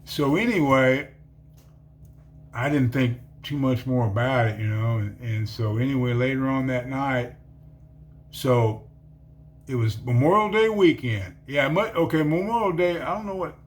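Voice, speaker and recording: A man's voice: mid-range voice, measured pace, a little hiss or hum. A middle-aged man rambling through a personal testimony, full of fillers and calling the listener "man". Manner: rambling, filler-heavy, says "man" often. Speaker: testimony speaker.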